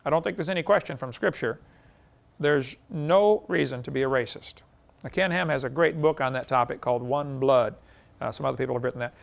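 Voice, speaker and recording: A man's voice: mid-range voice, steady tone, fast, vocal fry. A man giving a folksy classroom lecture, telling anecdotes and chuckling at his own stories.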